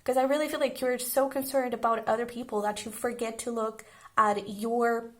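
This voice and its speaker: A woman giving a casual pick-a-card tarot reading, speaking gently and reassuringly straight to the viewer. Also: fairly high pitch, fairly even intonation, moderate pace. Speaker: tarot reader.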